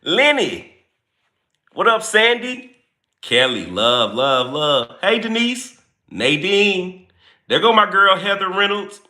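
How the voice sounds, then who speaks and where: A man hosting a casual livestream, chatting playfully and greeting viewers by name in relaxed, informal speech. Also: sits high, takes it slowly, long pauses. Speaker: livestream host greeting chat.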